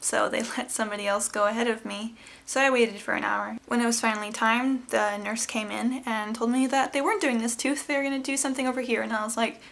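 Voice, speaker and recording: A woman's voice: a little high, fairly even intonation, quick pace, creaky, hardly any pauses, a bit bright. A woman in her twenties, talking candidly and emotionally to camera as she retells a personal story. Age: 20s. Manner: candid, emotional, quoting others in retold dialogue. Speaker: vlogger.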